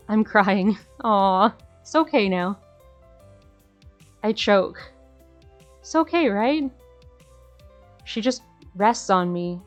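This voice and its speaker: A woman's voice: medium pitch, lo-fi sound. A woman streamer reading a visual novel aloud in an earnest, emotional way, breaking off to gush at the screen.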